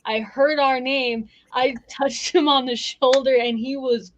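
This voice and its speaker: A woman's voice: high-pitched, steady tone, measured pace, slight background noise, rough recording. A woman hosting a podcast, telling a story in casual chat, laughing and swearing often. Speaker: podcast host.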